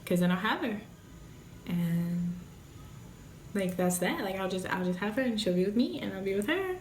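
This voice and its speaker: A young woman vlogs in a frank, emotional way, swearing freely as she talks. Her voice sits at an everyday pitch for a woman. The sound carries a noticeable room echo. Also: lively intonation, moderate pace, long pauses, slight background noise. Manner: blunt, profane, emotional. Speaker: vlogger, new mother. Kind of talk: candid casual vlog talk. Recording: echoey room.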